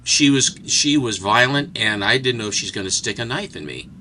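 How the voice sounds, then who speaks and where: This is a man spinning a casual story as a talk-show guest. His voice is bright and forceful. He is animated and slips into the voices of the people he describes. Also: medium pitch, normal speed, slight background noise, poor audio. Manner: animated storyteller who acts out characters. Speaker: guest telling stories. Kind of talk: casual anecdote.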